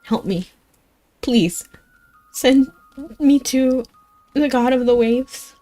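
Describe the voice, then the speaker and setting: A woman voicing a lost, pleading undead male sailor from a fantasy game, speaking in slow, halting words with her voice lowered. Each word comes out short and broken, as if it costs him effort to speak. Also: dark tone, soft background music.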